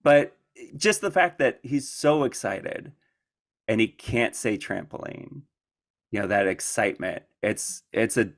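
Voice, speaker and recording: A man's voice: medium pitch, lively intonation, unhurried, gravelly. A man answering audience questions at a conference in a rambling, casual way, laughing often and restarting his sentences. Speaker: conference speaker.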